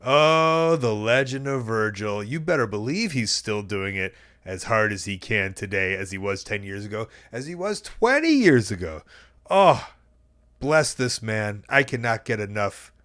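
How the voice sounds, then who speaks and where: Male podcast host, low voice, effusive casual commentary, dry studio sound. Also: expressive, moderate pace, few pauses, fairly bright tone, dry recording. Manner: effusive, admiring.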